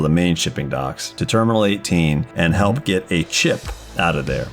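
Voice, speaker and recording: A man narrating as game master in a casual, profane, filler-heavy way. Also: deep voice. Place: home podcast recording.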